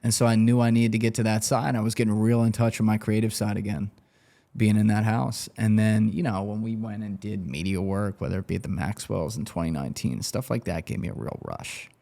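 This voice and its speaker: A man with a fairly low voice spins casual stories as a podcast guest. He talks loosely, swears freely and laughs his way through his anecdotes. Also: fairly even intonation, a little fast, gravelly, mellow. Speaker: guest, former banker turned interviewer.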